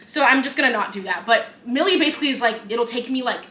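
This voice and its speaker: Bright-voiced woman podcaster, echoey room. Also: fairly high pitch, quick pace. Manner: animated storytelling, acting out scenes, frequent "like" and swearing. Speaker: podcast co-host. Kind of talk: casual chat.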